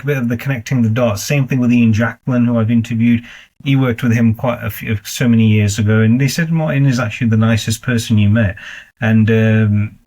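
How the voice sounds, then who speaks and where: A man's voice: mid-range voice, a little mellow. A man hosting an interview, speaking earnestly and heaping praise on his guest. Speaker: host. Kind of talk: interview chat.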